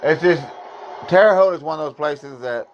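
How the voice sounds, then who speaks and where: A man's voice: fairly high pitch, moderate pace, dull audio, slight background noise. A man from Indiana, talking in a rambling, hesitant way on a casual live stream, casually swearing. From Indiana, USA. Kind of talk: casual chat.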